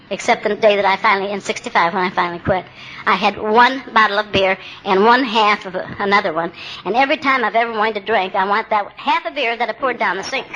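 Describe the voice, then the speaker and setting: At a meeting, a woman in her seventies shares her own recovery story, candid and plainspoken with a wry sense of humor. Her voice sits a little high, with a bright, forceful tone. The recording is rough, carrying a faint hiss or hum.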